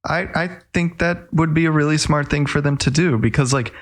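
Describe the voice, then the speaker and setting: A man co-hosting a casual gaming podcast, explaining his ideas in an animated, lively way with some casual swearing. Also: on the high side, brisk. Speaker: podcast co-host. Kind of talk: casual chat.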